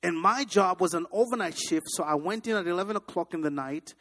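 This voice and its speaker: High-voiced preaching man from Africa. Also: a little fast. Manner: animated, dramatic, asks the congregation questions. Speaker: pastor. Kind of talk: sermon with personal storytelling.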